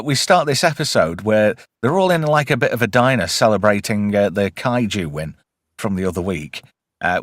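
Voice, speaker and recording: A man talks in a casual podcast, his pitch leaping about in a lively way. He swears freely and recaps episodes with plenty of energy. His voice is close and dry, with no room sound. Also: dry recording. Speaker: podcast host. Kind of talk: casual chat.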